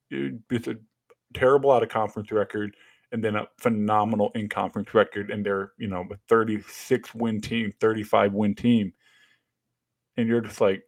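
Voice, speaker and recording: A man co-hosting a casual sports podcast, excitable and profane, acting out his own reactions. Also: fairly low pitch. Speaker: podcast co-host.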